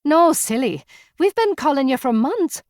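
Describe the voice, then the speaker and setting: A woman voicing a tiny, playful young woman with a soft Irish accent, chirpy and high. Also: wildly swooping pitch, moderate pace, no room sound, studio quality. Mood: excited, teasing. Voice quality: soft, bright and bouncy.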